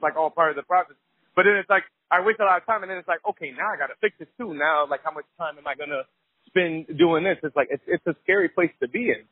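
High-voiced man on a phone line. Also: no room sound. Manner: rambling, halting, many fillers. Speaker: podcast host. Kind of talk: casual interview chat. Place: outdoors on a street, walking.

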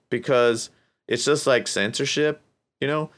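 A man hosting a casual solo podcast, rambling and profane, breaking into high mocking voices. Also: normal speed. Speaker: podcast host.

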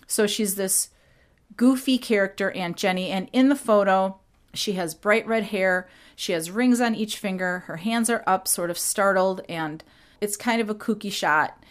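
A woman hosting a podcast, retelling a story casually with animated, quick impressions. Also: mid-range voice. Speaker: podcast host.

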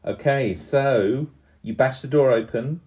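A man in his fifties narrating a tabletop game for a small child in a slow, gentle storytelling voice, often pausing to ask her questions. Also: medium pitch. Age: 50s. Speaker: game master.

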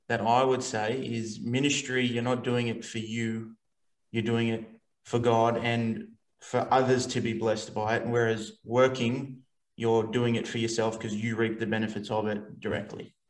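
A man's voice: mid-range voice, little pitch movement, normal speed, recorded from a distance. Thoughtful man in a roomy space. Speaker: podcast guest. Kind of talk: casual chat. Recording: roomy sound over a video call.

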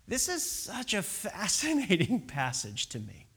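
A preacher giving a casual, conversational sermon with a lively, swooping pitch. They keep asking the congregation rhetorical questions and now and then sink into a hushed whisper to stress a point. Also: measured pace, breathy edge. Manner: animated, rhetorical questions, drops to whispers for emphasis.

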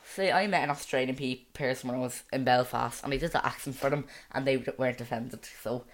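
A woman's voice: very deep voice, fast talker. A woman with a Dublin accent chatting casually as a podcast co-host, loose and full of fillers. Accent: Dublin Irish. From Dublin, Ireland. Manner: chatty, with many fillers and playful accent attempts. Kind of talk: casual chat.

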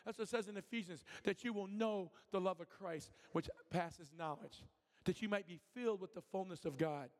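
Fervent male preacher, high voice. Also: normal speed. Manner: fervent, rousing, asks the congregation questions. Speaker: guest preacher. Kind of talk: sermon. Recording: long reverb of a hall.

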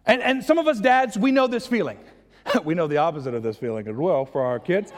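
A man preaching a sermon as pastor, casual and animated, breaking into excited high-pitched voices to act out lines. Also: quick pace. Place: church hall. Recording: long hall reverb.

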